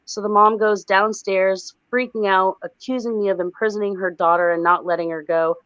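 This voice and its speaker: A woman recounting a frightening dream as a guest on a livestream, animated and breathless. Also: mid-range voice, moderate pace, smooth, no echo. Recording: dull lo-fi sound.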